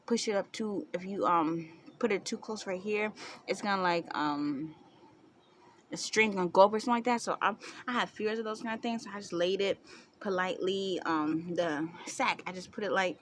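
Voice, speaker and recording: A woman's voice: medium pitch, normal speed, slight background noise. Chatty young woman vlogging. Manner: chatty, laughing, acts out quotes with squeals. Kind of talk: casual storytelling to camera.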